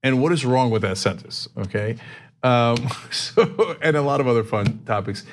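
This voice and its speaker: A man's voice: mid-range voice, moderate pace, a little hiss or hum. Chatty host guy, bouncy voice, acts out everyone in his stories, laughs a lot. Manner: animated storyteller, laughs often, acts out quotes. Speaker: show host. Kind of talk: casual comedic chat.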